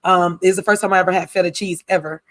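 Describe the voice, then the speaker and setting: A woman's voice: lowish voice, steady tone, quick pace, fairly bright tone. A woman co-hosting a casual livestream chat. She talks candidly, with features, long asides and frequent laughs. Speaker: co-host.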